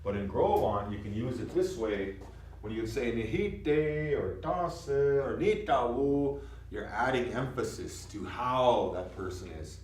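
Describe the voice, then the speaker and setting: A man's voice: medium pitch, lively intonation, takes it slowly, darkish tone, slight background noise. A man teaching a language class, explaining words step by step and checking that his students follow. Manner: explanatory, repeats checks like "you know what I mean?". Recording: echoey classroom from far off.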